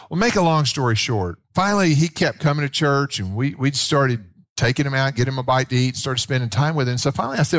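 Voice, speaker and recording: A man, a pastor telling a story in a sermon in a folksy, animated way, acting out the voices of the people in it. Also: mid-range voice, fast talker, dry recording, studio quality.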